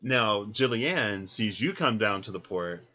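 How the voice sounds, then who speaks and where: A man giving a casual tarot reading, chatty and animated, who laughs often and acts out little scenes. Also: lowish voice, measured pace, highs cut off. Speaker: tarot reader.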